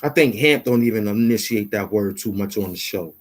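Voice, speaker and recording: A man, hosting his own channel and lecturing straight to camera in an impassioned, slangy rant from a warm indoor room. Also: lowish voice, a little fast. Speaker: YouTube host.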